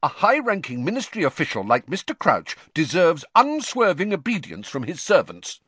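A man's voice: on the high side, wildly swooping pitch, normal speed, fairly bright tone, husky, no echo, pitched above the performer's own voice, full character voice. A man voicing a pompous, rule-bound young official who speaks primly. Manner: prim and self-important.

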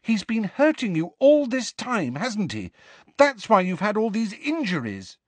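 Give me a shrill, pleading teenage witch, put on by a male audiobook reader, pitched high. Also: sing-song, measured pace, dry recording, exaggerated voice. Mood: shrill, upset. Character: anxious clever teenage girl witch. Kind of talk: audiobook character voice.

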